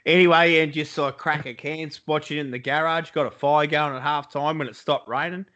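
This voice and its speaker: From his Iowa home, a man with an Australian accent swears his way through sports talk on a casual video-call podcast he co-hosts, all blokey banter. The lo-fi recording carries his fairly high voice, steady in tone and pushed bright, at a normal speed.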